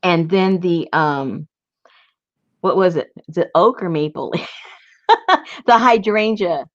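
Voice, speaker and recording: Tired, soft-spoken woman streaming live. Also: fairly low pitch, slow, no echo. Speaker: craft livestream host. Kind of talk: casual livestream chat. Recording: dull lo-fi sound.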